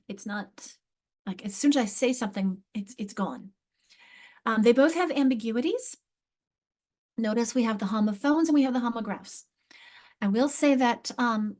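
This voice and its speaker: A middle-aged woman leads an online literacy workshop in a voice pitched a little high. She explains with animated emphasis, often stopping to restart a phrase, and stresses key words. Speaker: literacy instructor.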